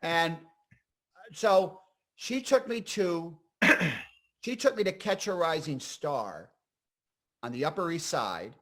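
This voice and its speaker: A man in his fifties from Scranton, Pennsylvania, an actor and comedian telling rambling, animated stories as an interview guest. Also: on the high side, slow, long pauses. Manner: animated, rambling, full of fillers and asides. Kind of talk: casual interview storytelling.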